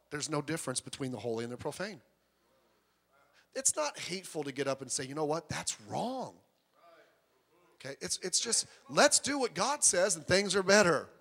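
A man preaching a sermon as pastor of his church, lively and conversational, acting out the people he quotes. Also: fairly high pitch. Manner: animated, acts out quoted voices. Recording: long hall reverb.

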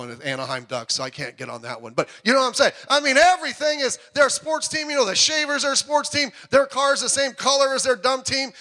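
A middle-aged man preaching a sermon as a pastor, animated and joking, sometimes breaking into loud outbursts. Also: very high voice. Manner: puts on voices when quoting people.

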